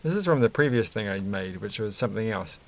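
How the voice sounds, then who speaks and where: A man's voice: on the low side, lively intonation, fast, background noise. A man chatting casually and rambling while he builds a toy set, chuckling often and breaking off mid-sentence. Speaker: vlogger building Lego sets.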